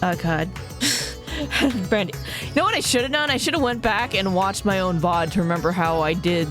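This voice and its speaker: A woman's voice: medium pitch, moderate pace, music in the background. A woman streamer chatting casually as she plays, joking at herself and swearing now and then. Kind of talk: casual live-stream chat. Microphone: streaming mic.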